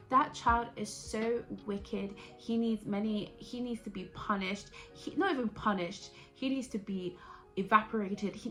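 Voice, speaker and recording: Bright-voiced young woman chatting. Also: medium pitch. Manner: chatty and animated, acts out her own reactions. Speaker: vlogger reviewing a TV series. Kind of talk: casual chat to camera.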